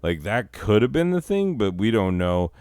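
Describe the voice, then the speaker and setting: A man's voice: lowish voice, very animated, normal speed, a little mellow, clean tone, dry recording, studio quality. A man hosting a comedy show, telling stories in a rambling, profane, casual way full of fillers. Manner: rambling, heavy swearing, many fillers. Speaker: comedy podcast host. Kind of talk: casual profane comic storytelling.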